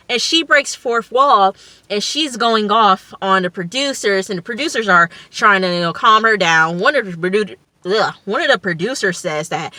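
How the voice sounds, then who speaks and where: A woman's voice: medium pitch, expressive, measured pace, pushed and bright, no echo. A young woman vlogger casually recapping a TV episode, rambling with lots of fillers. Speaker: TV review vlogger.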